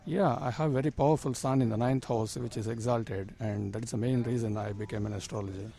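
A man in his fifties, an astrologer, answering interview questions earnestly with plain phrasing and frequent pauses and fillers. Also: mid-range voice, fairly even intonation, vocal fry, mellow. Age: 50s.

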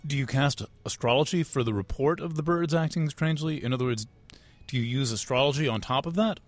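A man's voice: medium pitch, a little fast, dry recording, faint music behind. Man asking probing, teasing questions. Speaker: interviewer. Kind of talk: conversational interview.

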